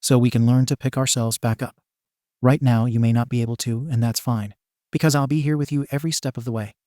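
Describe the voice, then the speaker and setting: A man voicing a devoted, protective father in a spoken storybook, calm and tender in intent, delivered in a plain, even read. The voice sits at an ordinary middle pitch, close and dry with no room around it. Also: quick pace, dry recording, natural voice. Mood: reassuring. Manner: plain even reading of lines.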